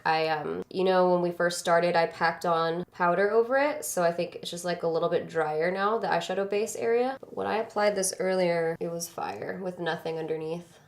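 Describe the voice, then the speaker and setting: A woman's voice: on the low side, reverberant. A woman casually chatting through a makeup tutorial as she works close to her mirror. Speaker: beauty vlogger.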